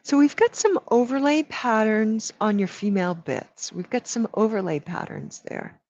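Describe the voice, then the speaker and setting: An animated woman with a fairly high, slightly mellow voice talks at normal speed while giving a live energy reading. She stretches out her words and speaks fondly to each person, using sweetheart and baby. The recording sounds dull and lo-fi.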